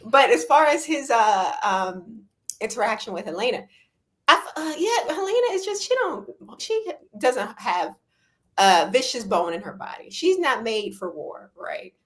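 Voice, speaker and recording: A woman's voice: a little high, sing-song, a little slow. A woman guest in a casual live-stream chat, talking eagerly and with feeling. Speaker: guest panelist. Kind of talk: casual show recap chat.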